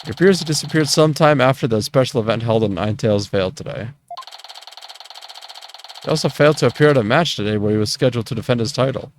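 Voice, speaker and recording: A man's voice: mid-range voice, fast, a little hiss or hum, close to an everyday voice. A man voicing a male TV news reporter in a formal news-reading delivery.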